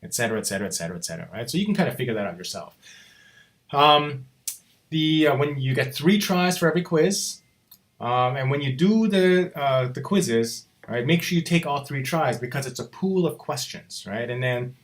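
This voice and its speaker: A man's voice: fairly high pitch, animated, normal speed. Casual man walking students through a course site. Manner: casual, repeats "right?" after points. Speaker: college instructor. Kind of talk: recorded screen-walkthrough lecture.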